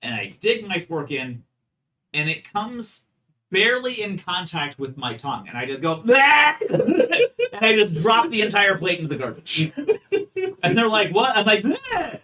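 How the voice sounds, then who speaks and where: A man co-hosting a board game stream, telling animated stories in casual chat, acting out quotes, laughing and swearing freely. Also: high-pitched, normal speed, far from the mic, rough recording.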